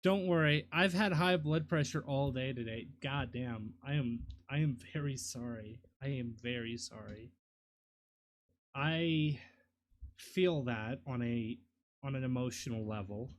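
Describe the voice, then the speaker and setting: A man's voice: medium pitch, a little slow. A man streaming live, casually muttering to himself and apologizing, self-deprecating as he works on a 3D model.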